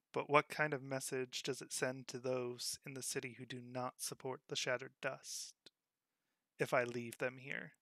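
A man voicing a stressed male town mayor who speaks in a worried, deliberate way in a tabletop game. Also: mid-range voice, vocal fry, bright, forceful tone, dry recording, clean studio sound, exaggerated voice.

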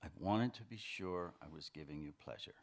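A man's voice: low voice, vocal fry. A man reading fiction aloud, voicing a brooding husband who hedges and stumbles before he answers. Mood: defensive. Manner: hesitant, halting, defensive. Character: defensive husband, brooding and evasive. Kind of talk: literary reading, acted dialogue.

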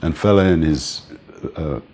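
An older man interviewed as a music manager, telling relaxed stories and often laughing and saying "man". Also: a bass voice, a little slow, a little hiss or hum. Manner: relaxed, reminiscing, often says "man", laughs between points. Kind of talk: casual storytelling interview.

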